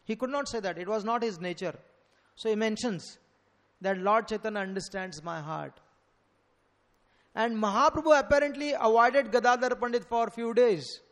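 A man with a notably high voice delivers a devotional lecture. He tells his stories earnestly and leans hard on the key words. His voice rings with a long reverb, as if recorded in a large hall. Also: lively intonation, normal speed, fairly bright tone. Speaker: preacher.

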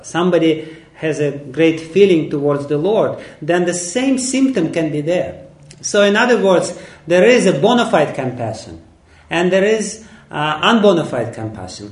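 A man giving an emphatic sermon on scripture, often laughing. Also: on the high side. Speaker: lecturer on scripture. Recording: echoey room.

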